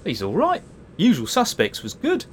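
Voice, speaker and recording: Brief: sardonic straight man, lively pitch, slightly high voice. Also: moderate pace, slight background noise. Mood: dry sceptical. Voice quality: dry, sardonic questions. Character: sceptical, deadpan everyman questioning everything. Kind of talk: sitcom acting.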